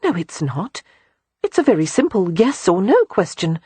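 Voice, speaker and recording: A man voicing a spirited young Regency woman who pleads with urgent earnestness, in a husky, dry audiobook read. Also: high-pitched, sing-song, normal speed, warm tone, no room sound, voice pushed up, exaggerated voice. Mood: insistent.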